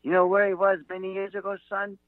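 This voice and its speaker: Old man, gruff, dismissive, world-weary shrug, calls everyone son, put on by a male storyteller; dry, tinny phone-line sound. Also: high-pitched, completely flat delivery, quick pace, dry recording, voice pushed up, close to an everyday voice.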